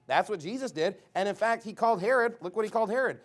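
A man preaching a fiery sermon to a congregation in a church, reading scripture and shouting key words with quick asides. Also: high voice, expressive. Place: church sanctuary.

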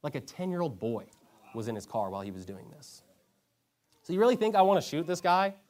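Brief: male preacher, somewhat higher pitch, emphatic storytelling sermon delivery with rhetorical questions. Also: big pitch swings, fairly quick, a little mellow. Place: church hall.

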